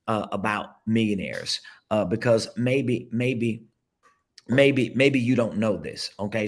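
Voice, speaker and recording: A man's voice: fairly low pitch, fairly bright tone. A man, a business coach, giving an emphatic, repetitive motivational talk on a casual livestream, seated at a table indoors and urging listeners to repeat phrases after him.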